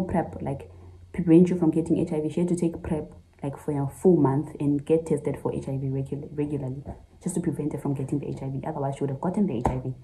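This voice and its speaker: A woman's voice: lowish voice, dark tone, rough recording. A young woman in her twenties vlogging casually, sharing an emotional personal story, talking straight to her viewers and laughing through tears. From Zambia. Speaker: medical student vlogger. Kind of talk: casual confessional vlog.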